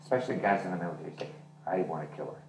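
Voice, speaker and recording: A man's voice: sits low, fairly even intonation, rapid-fire, gravelly. A male author and journalist chatting candidly about his novel, acting out the dialogue as he tells the story. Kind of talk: casual talk about his novel at a reading. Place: literary venue hall. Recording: roomy hall from far off, faint noise.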